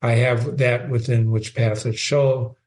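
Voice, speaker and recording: A man voicing a grieving young prince, reading the verse slowly and with feeling. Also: medium pitch, level tone, a little mellow, voice pushed down, lightly acted. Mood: sorrowful.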